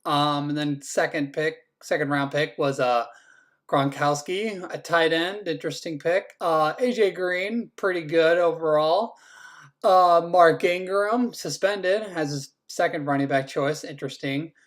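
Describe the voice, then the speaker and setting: In an unhurried, slightly high voice, a man in the role of fantasy football league commissioner walks through every team's draft. He keeps it casual, teases the picks, and swears here and there.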